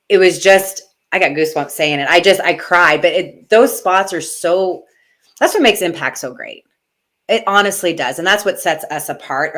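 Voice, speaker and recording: A woman's voice: low voice, a bit bright. A middle-aged woman talking in a casual interview, emotional and gushing, close to tears at times. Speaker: guest, retired wrestler.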